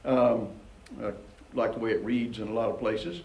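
This preacher speaks at a normal speed in a gravelly voice, recorded with a roomy sound and the highs cut off. His Bible teaching is relaxed and chatty, full of frequent chuckles and animated upward pitch as he reads scripture and comments on it.

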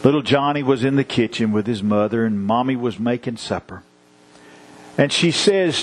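A man's voice: medium pitch, low-quality recording. A man preaching a sermon with rhythmic repetition and illustrative stories. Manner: measured, rhythmic repetition; storytelling.

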